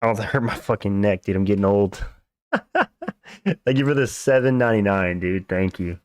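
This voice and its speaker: A livestream host with a lowish, darkish voice at a moderate pace casually chats in slang, reacting to fights and thanking viewers for donations. The recording has no room sound.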